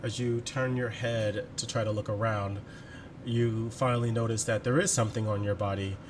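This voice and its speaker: A man's voice: lowish voice, background noise. A man running a tabletop game as game master, describing scenes with jokey asides.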